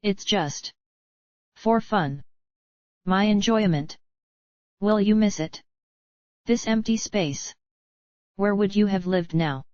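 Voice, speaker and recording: A woman voicing a cruel, crude mayor who taunts a captive, in a slow screenplay reading. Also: medium pitch, darkish tone, dry recording, lightly acted. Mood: taunting. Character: cruel scheming mayor, mocking captor. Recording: dull lo-fi dry recording.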